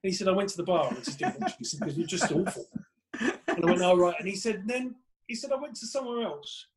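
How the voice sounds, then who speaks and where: Man, comedian guest, rambling anecdotes, slightly high voice, casual podcast chat. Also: fast, crowd noise, poor audio. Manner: rambling, animated anecdotes with swearing.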